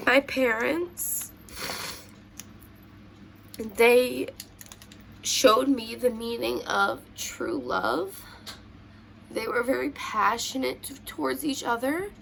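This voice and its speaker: This is casual personal storytelling from a young woman vlogger recounting her childhood while putting on makeup at home, emotional and rambling with lots of fillers. Her fairly high voice is gravelly and somewhat bright, over a slight hiss or hum.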